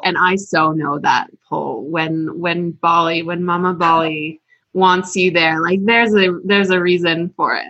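Female host, lowish husky voice, relaxed chat, dry lo-fi recording. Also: measured pace, no room sound. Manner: relaxed, chatty, many fillers. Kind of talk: casual interview chat. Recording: dull, dry, lo-fi sound.

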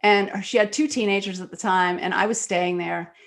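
A woman guest, an author and screenwriter, talking in an interview and telling stories quickly and animatedly, with many fillers. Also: mid-range voice, steady tone, creaky. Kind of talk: conversational interview storytelling.

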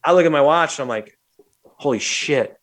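A man's voice: fairly high pitch, racing. A man from St. Louis hosting a podcast, telling a story casually and acting out the quotes with plenty of swearing. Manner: animated, swears freely, acts out quotes. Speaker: podcast host.

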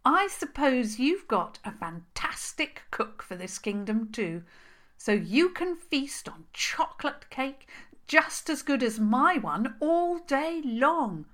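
Storybook princess: young, plucky, coaxing, loud and slow; played by a woman narrator. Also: on the high side, big pitch swings, pitched above the performer's own voice, full character voice. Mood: emphatic. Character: bold clever young princess, stubborn.

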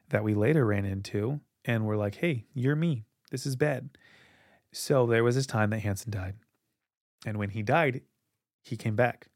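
A man's voice: fairly low pitch, no echo, clean studio sound. A man hosting a podcast, telling long stories in casual chat with plenty of fillers and restarts. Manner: rambling, filler-heavy storytelling. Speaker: podcast host.

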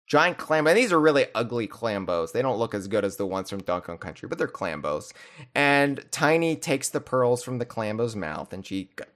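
A man's voice: mid-range voice, a bit bright. A man hosting a podcast, chatting casually in rambling, joking runs with restarts. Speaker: podcast host. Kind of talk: casual chat.

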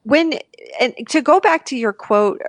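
A woman speaking candidly as a guest in a personal conversation, halting with frequent restarts and turning animated when she quotes others. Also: high-pitched, dry recording.

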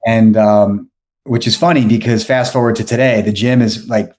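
A man's voice: lowish voice, steady tone, moderate pace, darkish tone. A man from New York telling a story as a podcast guest, rambling with lots of fillers and restarts. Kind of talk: casual storytelling.

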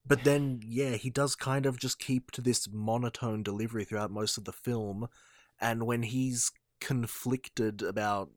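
Male podcast co-host, lowish voice, musing, dry close sound. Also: dry recording. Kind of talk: casual film review chat.

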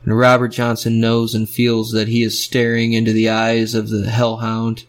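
A man's voice: medium pitch, completely flat delivery, moderate pace. A man narrating a story in rhythmic, fragmentary phrases.

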